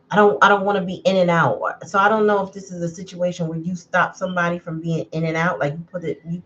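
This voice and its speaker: A woman's voice: low-pitched, highs cut off, a little hiss or hum. A woman giving a casual livestream tarot reading, chatty and blunt in a straight-to-the-point way. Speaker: tarot reader.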